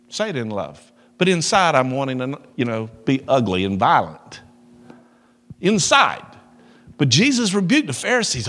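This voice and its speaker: Lively preacher in a reverberant hall. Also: male voice, medium pitch, normal speed. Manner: animated storytelling, shifting between loud emphasis and soft asides. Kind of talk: sermon. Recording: long reverb of a large hall.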